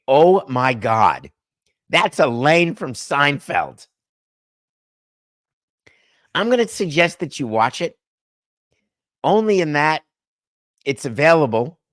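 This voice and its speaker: A man's voice: a bit bright, dry recording, studio quality. A man hosting a solo sports talk show, chatty and wry, drifting between topics and lifting his voice for emphasis. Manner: chatty, wry and digressive, with sudden lifts in pitch for emphasis. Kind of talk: solo sports podcast monologue.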